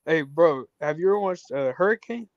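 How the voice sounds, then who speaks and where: A man's voice: fairly high pitch, animated, a little fast, dry recording. A man co-hosting a casual chat, talking in laid-back slang and saying "bro" often. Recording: dull dry lo-fi mic.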